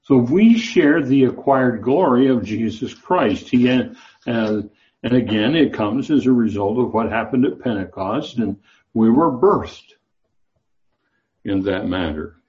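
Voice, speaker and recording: A man's voice: medium pitch, animated, a little slow, darkish tone, highs cut off. A man teaching a Bible class, talking in a loose, discursive way with many fillers and restarts.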